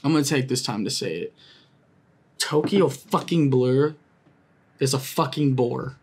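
A young man giving excitable, profane live commentary while racing in a kart game, often yelling at it. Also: medium pitch, measured pace, breathy edge. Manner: excitable, swears a lot, yells at the game. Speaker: gaming YouTuber.

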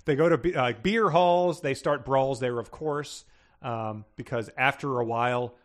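A man's voice: mid-range voice, a little slow. A man co-hosting a casual book podcast, rambling through plot summaries with frequent restarts and laughter. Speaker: podcast co-host.

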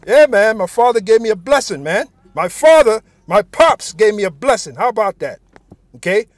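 A man's voice: high voice, very animated, normal speed, dry recording. A man giving an informal sermon, reading scripture aloud and speaking bluntly and profanely, often tacking "man" onto his sentences. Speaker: preacher.

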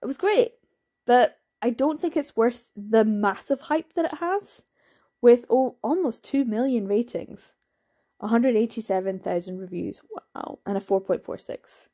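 A woman's voice: a little high, measured pace, mellow. A woman giving casual, opinionated book reviews in a chatty, candid way, laughing now and then. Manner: acts out quoted voices, laughs.

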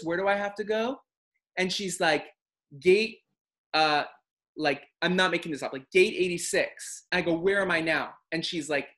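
A man hosting a casual chat, telling a long travel story with lively acted-out quotes. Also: a little high. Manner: animated, acts out quotes and voices. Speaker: host.

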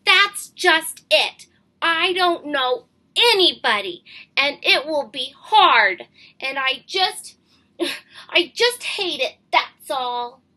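Storybook figure: a sulky, anxious woman, pitched high and bright, read by a woman. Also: expressive, heavily acted. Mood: whiny. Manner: whining, drawn-out protests. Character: whiny anxious grown woman dreading school.

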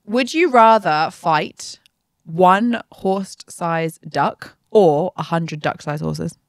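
A woman's voice: lowish voice, no echo, studio quality. A woman from Australia with an Australian accent, hosting a casual interview in a chatty, playful way. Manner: chatty, playful, quick to laugh. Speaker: podcast host.

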